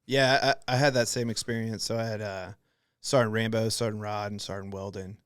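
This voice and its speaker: A young man hosting a podcast, telling animated stories in casual chat, swearing freely and laughing often. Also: fairly low pitch, brisk, clear, resonant tone, no echo, clean studio sound. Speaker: podcast host.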